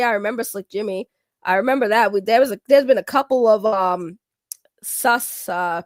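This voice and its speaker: A woman's voice: medium pitch, no room sound, clean studio sound. A woman hosting a casual livestream, talking back to her chat and ranting with swearing and laughter. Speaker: livestream host.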